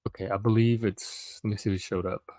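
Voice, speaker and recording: A middle-aged man chats loosely to his viewers, pausing often with ums as he thinks aloud. His voice sits low and is recorded close and dry, with no room sound around it. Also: level tone, darkish tone, no echo. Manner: rambling, hesitant, lots of ums. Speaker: live stream host. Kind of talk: casual solo live stream chat.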